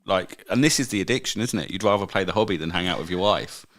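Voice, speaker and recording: A man's voice: low-pitched, fast talker, fairly bright tone. A man co-hosting a podcast in casual chat, teasing his friend and saying "mate" a lot. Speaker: podcast co-host.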